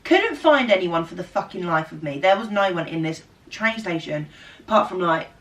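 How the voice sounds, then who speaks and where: A woman, telling a long story to camera in a casual, animated way, swearing freely and acting out what people said. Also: fairly low pitch, moderate pace, distant mic. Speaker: vlogger.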